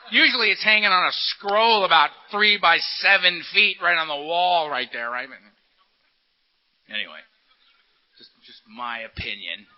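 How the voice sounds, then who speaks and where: A man telling his recovery story to a meeting, animated and full of acted-out quotes and laughter. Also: sits high, unhurried, highs cut off. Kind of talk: storytelling talk to an audience.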